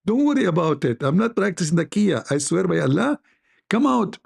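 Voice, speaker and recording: A man doing a high wheedling cartoonish cat. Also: big pitch swings, brisk, vocal fry, breathy edge, full character voice. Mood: coaxing. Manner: high, insistent, repeating itself. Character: sly pleading female cat, wheedling and meowing.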